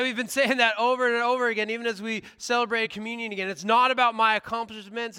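A man's voice: very high voice, bright, forceful tone, smooth, long reverb tail. A man preaching a sermon as pastor, speaking in an earnest, conversational way in a church sanctuary.

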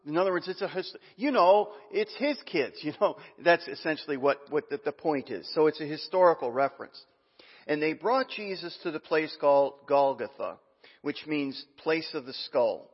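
A man preaching a sermon as pastor, reading scripture aloud with asides and some halting restarts. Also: fairly high pitch, animated, slightly rough. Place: church sanctuary. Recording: muffled, long hall reverb.

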